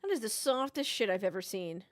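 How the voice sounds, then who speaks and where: A woman's voice: medium pitch, lively intonation, fairly quick, no echo. A woman streaming live, reacting in casual chat with lots of swearing, exasperation and laughter. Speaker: streamer watching a race.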